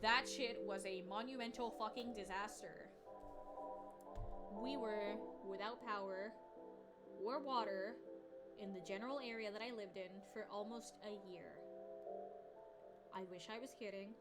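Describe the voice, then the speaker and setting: A woman's voice: medium pitch, unhurried, pauses often, loud music behind the voice. A young woman streamer telling stories in casual chat, swearing often, rambling and laughing as she goes.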